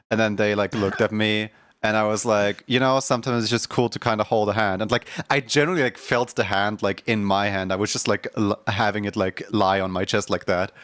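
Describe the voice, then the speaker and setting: Smooth low-voiced young male streamer. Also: no room sound, studio quality. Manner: rambling storyteller, many fillers and restarts. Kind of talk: casual chat on a livestream.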